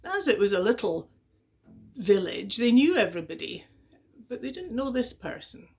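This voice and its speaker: A middle-aged woman telling a traditional story to young children in a gentle, chatty way, with fillers and little voiced exclamations. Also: a little high, very animated, normal speed.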